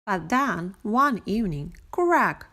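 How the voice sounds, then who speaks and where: A woman reading a bedtime picture book aloud, gentle and expressive, with sing-song repetition. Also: medium pitch, takes it slowly. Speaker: storyteller. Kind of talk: bedtime story read aloud.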